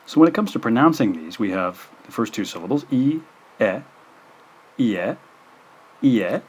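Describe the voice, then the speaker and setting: A man giving a recorded language lesson. He repeats syllables slowly and carefully, with frequent "uh" fillers. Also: mid-range voice, sing-song, husky. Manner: slow, careful pronunciation drills with frequent "uh" fillers. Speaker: language teacher.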